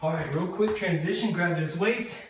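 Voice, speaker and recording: A woman's voice: on the low side, moderate pace. Upbeat woman coaching a workout in an echoey room. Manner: upbeat, chatty and jokey, cueing moves as she does them. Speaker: fitness instructor. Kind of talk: workout coaching while exercising. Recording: very echoey room, distant mic, audible noise.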